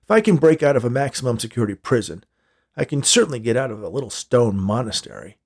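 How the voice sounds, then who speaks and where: A man voicing a desperate escaped male convict, pleading and angry, rising to shouts. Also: mid-range voice, sing-song, quick pace, breathy edge. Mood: frustrated.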